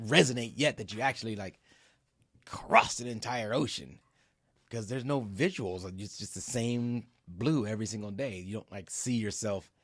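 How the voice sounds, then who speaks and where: A middle-aged man, CEO of a company, describes an ocean row in a casual interview at medium pitch. The recording is dry, clean studio sound. He speaks with raw emotion, swears without restraint and acts out his own reactions along the way.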